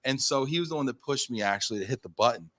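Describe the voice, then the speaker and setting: American guy in his 30s on a podcast, telling a story all animated, acts out what he said, lots of likes and ums, mid pitch. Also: fast talker. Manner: animated storyteller, acts out his own quotes, many fillers. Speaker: podcast guest, company founder. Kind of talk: casual storytelling in an interview.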